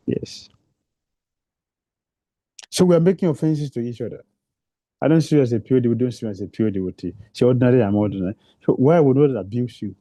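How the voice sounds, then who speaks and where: A man's voice: mid-range voice, mellow, no echo. A man giving a devotional lecture, repeating phrases for emphasis and asking rhetorical questions, in non-native English phrasing. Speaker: preacher.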